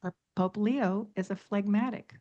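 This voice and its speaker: A woman's voice: medium pitch, a little slow, darkish tone, lo-fi sound. A middle-aged woman teaching about temperaments on a radio talk show, emphatic, stringing words into long lists and repeating points for stress.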